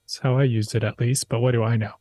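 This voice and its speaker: Man co-host, mid pitch, understated and dry, dead room. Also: steady tone, fast talker, warm tone, dry recording. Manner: low-key, dry, hesitant with ums. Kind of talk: casual live chat.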